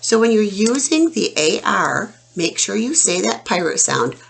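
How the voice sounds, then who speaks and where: A woman teaching a phonics lesson to young children, sounding out words slowly and clearly. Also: medium pitch, big pitch swings.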